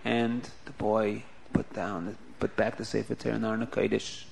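A man telling a story aloud, animated and repeating phrases for emphasis. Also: on the low side, normal speed, creaky, a little hiss or hum. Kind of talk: oral storytelling.

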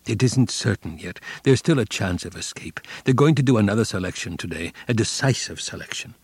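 Narrator doing worn out dad, hushed and urgent, low voice, dry sound. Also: male voice, animated, a little fast, husky, no echo. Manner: quiet, breathless, pressing. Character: weary, frightened older father, gentle and urgent.

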